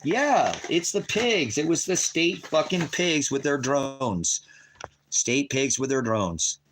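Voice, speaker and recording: A man hosting a livestream rants angrily at his chat from home near a wood stove, cursing and taunting them. He speaks slowly in a mid-range, slightly bright voice with lively intonation, and there's slight background noise.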